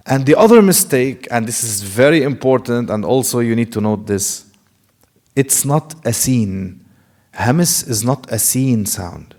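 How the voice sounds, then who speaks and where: Man, Arabic native speaker, tajweed teacher, corrective, repeats sounds, mid pitch, long reverb. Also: measured pace, darkish tone. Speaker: Quran recitation teacher. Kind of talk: tajweed lesson. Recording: long reverb in a large hall.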